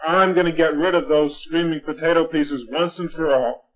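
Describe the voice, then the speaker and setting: A man's voice: fairly high pitch, fairly even intonation, normal speed, natural voice. A man voicing a stern, indignant farmer's wife in a bedtime story, on a dull lo-fi home recording.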